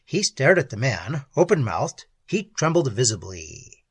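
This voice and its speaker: Male audiobook narrator, measured storytelling, slightly husky, animated delivery. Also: mid-range voice, no room sound.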